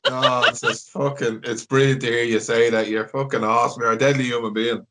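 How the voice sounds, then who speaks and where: A man's voice: medium pitch, level tone, fairly quick, bright, forceful tone. A man hosting a podcast, chatting casually, enthusiastic and sweary. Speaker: podcast host. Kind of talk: casual chat.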